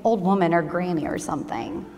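A woman's voice: on the low side, expressive, fairly quick, darkish tone, in a large hall, dull audio, a little hiss or hum. An actress playing a wry, teasing young mother in a church skit. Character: dry, teasing young mom.

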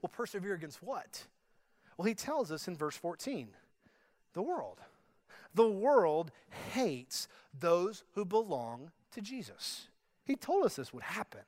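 A man pastor preaching a sermon, emphatic and slowing down to stress quoted verses. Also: sits high, sing-song, darkish tone.

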